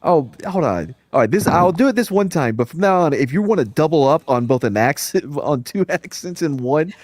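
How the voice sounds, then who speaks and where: A man hosting a casual podcast panel, joking as he reads out viewer tips. His pitch moves a lot, and the sound is dry and close. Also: animated, a little fast, darkish tone, dry recording. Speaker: podcast host. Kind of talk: casual chat.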